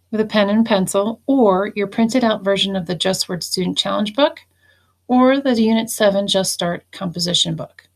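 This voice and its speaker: A woman teacher giving a recorded phonics lesson, slowly and deliberately dictating phrases and explaining how to mark syllables. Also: medium pitch.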